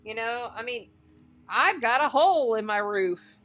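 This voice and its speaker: A woman reading tarot cards in a casual, chatty way, getting excited and thinking out loud as she talks. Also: on the high side, a little slow. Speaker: astrology and tarot reader.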